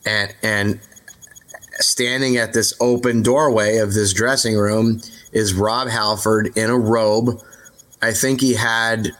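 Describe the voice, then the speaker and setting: A man with a slightly low voice tells his tour anecdotes in a loose, conversational way. He restarts sentences and leans on fillers, with the odd casual swear. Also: slow. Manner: relaxed, candid, mildly profane. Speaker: rock singer, podcast guest. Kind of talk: casual interview storytelling.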